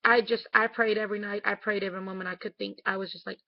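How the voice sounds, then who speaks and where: Woman, casual video diary, candid and emotional, gravelly voice, dull lo-fi camera sound. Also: mid-range voice, flat delivery, fast talker, few pauses, no echo. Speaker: vlogger. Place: home, late at night.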